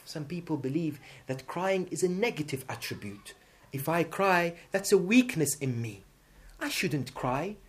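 A man preaching an emotional sermon, moving between loud, urgent emphasis and quiet, hushed passages, with chanted supplications woven in. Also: a little high, big pitch swings, measured pace. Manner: intersperses melodic chanted supplications.

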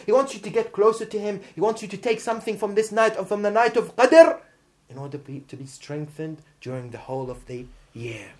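A man delivers an emotional sermon, shifting between loud, urgent emphasis and quiet, hushed passages. His high voice holds a steady tone at a fairly quick pace, and he weaves in melodic chanted supplications.

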